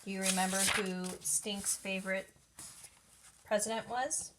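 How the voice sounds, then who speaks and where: A woman reading a children's book aloud, pausing to explain words to young listeners. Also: mid-range voice, fairly even intonation, a bit bright, slight background noise. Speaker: reader of children's books.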